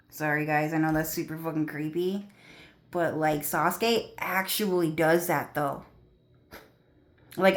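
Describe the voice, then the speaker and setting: A young woman with a fairly low voice rambles to her viewers in a loose, profane rant. She swears constantly and piles up fillers as she jumps from thought to thought. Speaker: vlogger.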